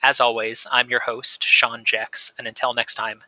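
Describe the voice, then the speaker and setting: A man hosting a storytelling show, reading a folk tale aloud and chatting with listeners in a measured, dramatic way. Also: mid-range voice, flat delivery, bright, forceful tone, dry recording, rough recording. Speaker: storytelling podcast host.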